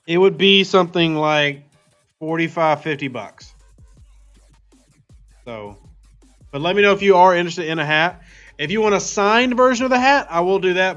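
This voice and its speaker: A man's voice: high-pitched, fairly bright tone, dull audio. A man hosting a casual gaming livestream, reading viewer chat aloud and answering playfully. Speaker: livestream host.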